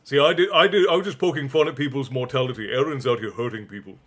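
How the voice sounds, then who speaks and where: A man's voice: mid-range voice, fast, a bit bright. A young man hosting a live stream, reading a novel aloud and breaking off for chatty, joking asides to his chat. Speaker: stream host and reader.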